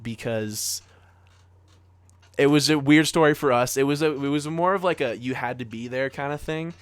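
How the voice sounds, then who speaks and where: A man's voice: mid-range voice, no echo. Young man telling a wild story. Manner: animated, swearing, many filler likes. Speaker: podcast co-host. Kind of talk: casual storytelling chat.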